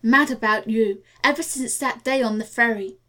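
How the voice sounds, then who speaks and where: A woman's voice: on the high side, normal speed, fairly bright tone, natural voice. A woman reading the part of an eager young man in love, speaking earnestly and with urgency. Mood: urgent.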